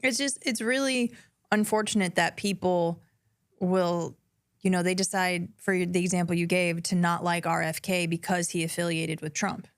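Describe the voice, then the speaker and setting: A woman with a lowish voice co-hosts a casual talk, drawing on her work with patients. She explains in an engaged, agreeable way, and her voice is dry and close to the mic. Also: fairly even intonation, moderate pace, no echo. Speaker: health practitioner and co-host. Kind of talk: casual chat. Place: South Florida.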